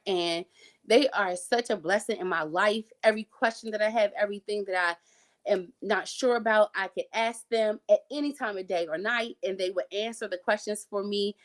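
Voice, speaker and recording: Casting: young woman, conversational guest storyteller, loose and chatty, lots of ums and restarts. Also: mid-range voice. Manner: chatty, frequent fillers and restarts, occasional laughs. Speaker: guest sharing her health story. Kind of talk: casual interview storytelling.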